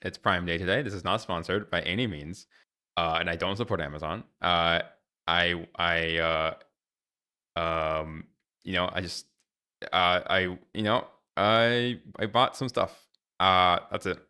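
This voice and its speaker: A man's voice: deep voice, fairly even intonation, measured pace, bright, forceful tone, smooth. A young adult man streaming live, ranting in an exasperated way with lots of fillers and restarts.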